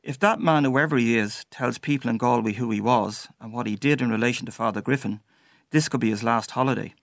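A man voicing an angry, forceful woman supervisor who speaks emphatically. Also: mid-range voice, brisk, vocal fry, no echo, clean studio sound, close to an everyday voice.

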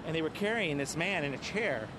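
A male news photographer gives a halting interview recollection, often pausing to search for his words. His voice sits a little high for a man. Heavy traffic rumbles loudly around him on an outdoor city street. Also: lively intonation.

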